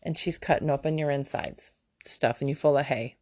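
Low-voiced lady rambling on her home podcast, jokey and self-deprecating, mouth sore so a bit slurry. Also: animated, moderate pace, a little mellow. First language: German. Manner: chatty, self-mocking asides. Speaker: podcast host. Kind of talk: casual solo podcast storytelling. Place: home room with kids nearby.

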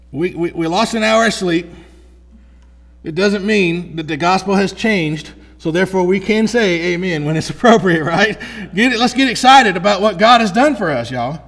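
A man preaching a sermon as pastor, talking to the congregation in an energetic, conversational way with frequent restarts. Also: a little high. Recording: hall reverb.

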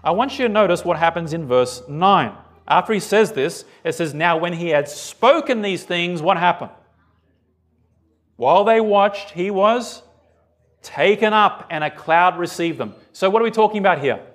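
Speaking at a normal pace in a high-pitched voice, this male pastor reads from scripture during his sermon, staying animated as he asks the congregation questions.

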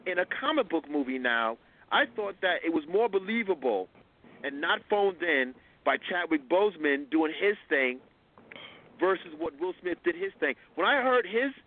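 Insistent high-voiced male radio host. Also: very animated, normal speed. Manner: insistent, talks over interruptions. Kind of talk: call-in radio talk. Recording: phone-like lo-fi line.

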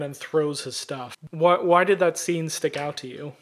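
A man co-hosting a casual podcast, retelling a film scene at length in an animated way. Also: a little high, measured pace. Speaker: podcast co-host.

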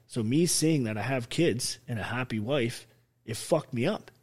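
A man's voice: mid-range voice, measured pace, darkish tone, slightly rough. An army veteran telling his story as an interview guest, blunt and full of swearing. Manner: blunt, heavily profane, emphatic.

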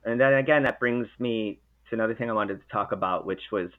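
A man's voice: lowish voice, fast. A man chatting casually as host, rambling with many restarts and self-corrections. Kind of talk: casual chat. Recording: narrow phone-like sound.

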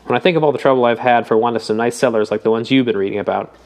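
Male narrator as an impatient, emphatic doctor, sharp and raised. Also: mid-range voice, very fast, natural voice.

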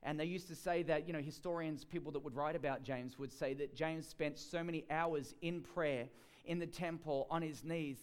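A man preaching a sermon in a chatty storytelling way, with many fillers and restarts. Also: on the high side.

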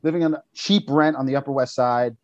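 A man's voice: mid-range voice, brisk, dry recording, lo-fi sound. A man who is a guest on a podcast, telling a story in a rambling, casual way with lots of fillers. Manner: rambling, heavy use of "like". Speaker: podcast guest, old roommate.

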